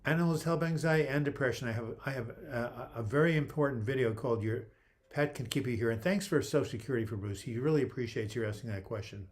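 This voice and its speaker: A man's voice: mid-range voice, fast. An older man hosting a casual livestream, reading viewer comments aloud and answering them in a chatty, joking way with frequent restarts. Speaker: livestream host.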